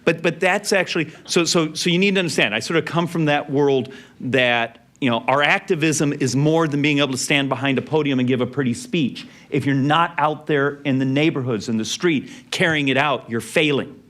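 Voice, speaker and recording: At an event venue, a middle-aged man gives a speech, telling a personal family story anecdotally. His voice is fairly high and his speed normal, and he goes quiet and soft in the emotional parts.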